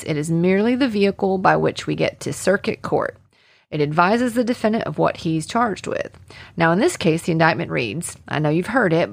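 Woman reading as a Southern prosecutor, drawling, formal and measured, deep fry in the voice. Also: dry recording, studio quality. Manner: formal, measured legal address. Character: male Southern district attorney, formal and earnest. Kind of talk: read courtroom opening statement.

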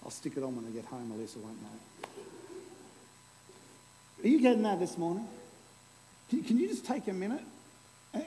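A man preaching a lively, playful sermon to a congregation, using an object lesson. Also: high voice, in a large hall, rough recording. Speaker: pastor. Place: church hall before a congregation.

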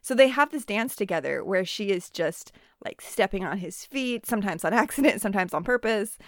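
A woman co-hosting a casual book chat, retelling scenes with quick acted asides. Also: medium pitch, lively intonation, no room sound, studio quality. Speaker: podcast co-host.

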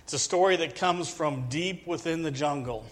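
A man's voice: on the high side, moderate pace, fairly bright tone. A man preaching a sermon, opening with a joke story and then teaching earnestly from scripture.

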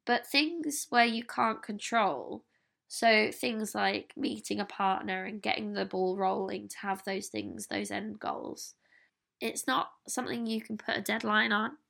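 A woman speaks in a candid, earnest solo podcast reflection. Her voice is bright and forward, with a gravelly fry at the ends of phrases. She sits at a middle pitch for a woman. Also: fairly even intonation, unhurried. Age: 30s. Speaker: podcast host.

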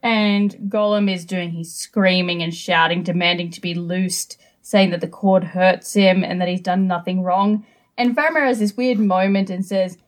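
A woman's voice: lowish voice, fairly even intonation, normal speed. A woman co-hosting a casual book discussion, chatty, with exasperated asides about the characters. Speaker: podcast co-host.

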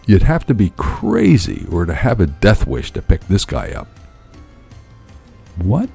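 A man narrating a first-person story in a dramatic, animated and profane way. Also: deep voice, normal speed, creaky, breathy edge, faint music behind.

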